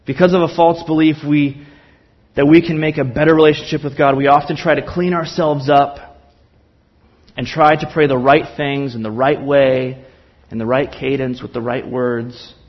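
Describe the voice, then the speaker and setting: A man's voice: fairly high pitch, steady tone, moderate pace, muffled recording. A man preaching a sermon in church, earnest and impassioned, with emphatic repetition. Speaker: pastor.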